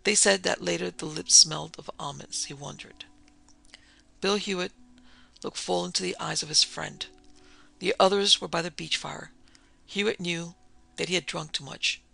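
A woman narrating a classic mystery podcast with steady, measured delivery. Her voice is gravelly with fry and sharply bright in tone. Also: on the low side. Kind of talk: scripted narration of a vintage mystery.

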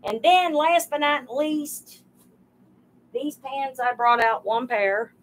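A woman runs a live sale stream, pricing items one by one and greeting her viewers by name. She talks in an unhurried, homey drawl, with a fairly high voice. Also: a little hiss or hum, rough recording. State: overheated.

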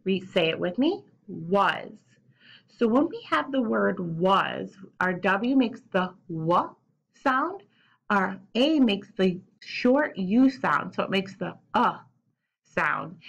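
A woman teaching sight words to young children, slowly sounding out and spelling letters and asking them to repeat after her. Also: medium pitch, big pitch swings, vocal fry, fairly bright tone, dull audio. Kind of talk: remote lesson for young children.

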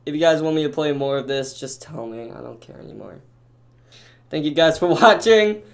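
A young man playing a horror game, jumpy and excitable, swinging from quiet mumbling to panicked screaming. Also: fairly high pitch, normal speed, creaky. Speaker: gaming YouTuber.

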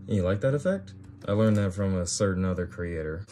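A young man with a lower voice talks casually as he flips through an old sketchbook. His pitch swings widely between baffled questions and quiet asides, and faint noise sits behind him. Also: fairly quick. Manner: bewildered, animated reactions, trailing off with fillers. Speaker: video creator.

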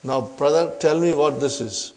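A man teaching an Arabic grammar class. He keeps questioning his students, prompts them with a quick "huh?", and calls them brothers and sisters. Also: fairly high pitch, darkish tone.

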